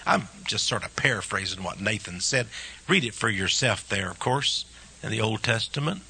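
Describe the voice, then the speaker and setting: A man preaching an impassioned sermon, firing rhetorical questions and dropping from loud peaks to hushed asides. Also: lowish voice, animated, moderate pace, vocal fry, breathy edge. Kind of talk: fiery sermon.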